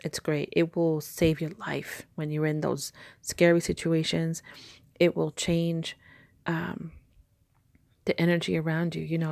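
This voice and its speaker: A woman giving a casual, rambling spiritual talk, soft-spoken and sometimes dropping to a whisper. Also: on the low side, vocal fry, dry recording. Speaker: spiritual teacher.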